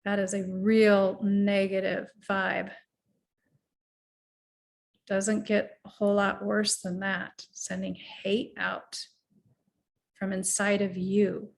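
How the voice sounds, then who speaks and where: A middle-aged woman life coach gives an earnest, reflective motivational talk, at times guiding the listener through slow breathing. Her mid-range voice is monotone with vocal fry.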